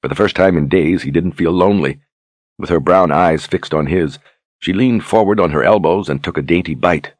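A man narrating a fantasy novel with an extremely low, husky voice. He reads in a steady, measured way. The recording is close and dry, with no room sound. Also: no echo. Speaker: audiobook narrator.

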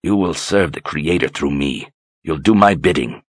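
A man voicing a cruel, zealous male inquisitor who speaks low and quietly through clenched teeth. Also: normal speed, breathy edge, dry recording, clean studio sound. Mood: menacing.

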